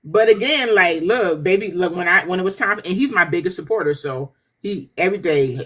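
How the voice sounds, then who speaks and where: A woman guest author in a casual podcast chat, an animated storyteller who laughs often. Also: lowish voice, a little fast, hardly any pauses.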